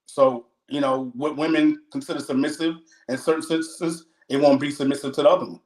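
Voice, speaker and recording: Laid-back man co-host, mid pitch, echoey room. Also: fairly even intonation, a little fast, darkish tone. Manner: laid-back, repeats "you know what I'm saying". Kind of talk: casual chat.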